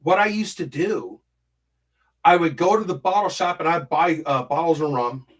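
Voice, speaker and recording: A man's voice: fairly high pitch, normal speed, a bit bright. A man hosting a casual livestream from home, reading chat and rambling through stories, swearing a lot and humming filler syllables while he scrolls.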